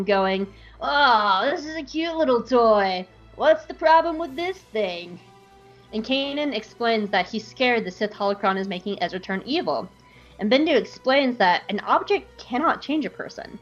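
A young woman hosting a podcast, recapping a TV episode in a casual, animated way full of likes. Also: medium pitch, muffled recording. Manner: animated, bubbly, lots of likes. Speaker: podcast host.

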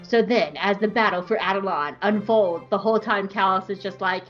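A woman's voice: mid-range voice, normal speed. A young woman co-hosting a podcast, telling a comedic fan-fiction story with giggles and swearing. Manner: giggly, profane, animated storyteller. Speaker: podcast co-host. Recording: muffled podcast audio, faint music.

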